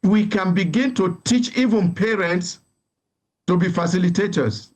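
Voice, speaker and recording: Insistent high-voiced man arguing his case. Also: unhurried, darkish tone. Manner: insistent, emphatic, repeats phrases. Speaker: education expert guest. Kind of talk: TV news interview.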